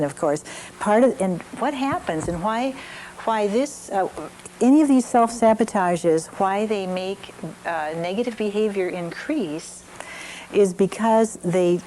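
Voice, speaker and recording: An older woman teaching a parenting class, gently telling stories from her own family with frequent restarts. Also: medium pitch, measured pace, a little hiss or hum, rough recording.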